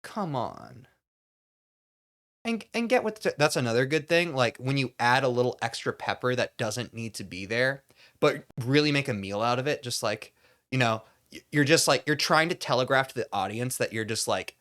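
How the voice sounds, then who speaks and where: A man's voice: mid-range voice, brisk, a bit bright. Self-important comedic actor type, male, rambling satirical monologue, pompous delivery. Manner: mock-pompous, rambling, demonstrates overwrought acting bits. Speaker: comedy YouTuber.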